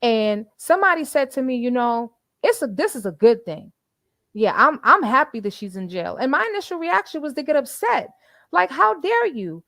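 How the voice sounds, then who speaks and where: A woman's voice: high voice, big pitch swings, normal speed, a bit bright, dry recording. A woman hosting a casual livestream, chatty and preachy, quoting scripture and repeating phrases with many fillers. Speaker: livestream commentary host.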